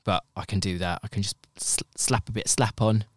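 A man co-hosting a podcast in casual chat, animated and giggly, often slipping into quoted voices. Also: fairly low pitch, brisk, no echo, clean studio sound. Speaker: podcast co-host.

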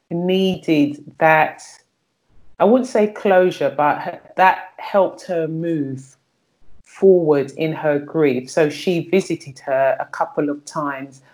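A middle-aged woman with a notably low voice talks candidly as a guest. She is frank and earthy, often doubling back on her words, and she keeps a plain conversational tone. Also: a little mellow. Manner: frank and earthy, repeats words while searching for them.

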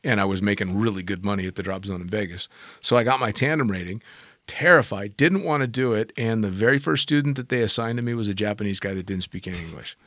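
A man's voice: lowish voice, fast talker, fairly bright tone, dry recording, studio quality. A middle-aged man hosting a casual chat about skydiving, talking freely and swearing often. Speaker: podcast host, skydiving instructor.

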